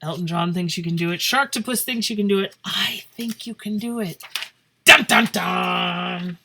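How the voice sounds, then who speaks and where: A woman's voice: medium pitch, a little fast, a bit bright, a little hiss or hum. A woman teaching a math lesson in a playful, joking way, thinking aloud as she works through problems. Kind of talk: casual classroom lesson. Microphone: phone camera over paper.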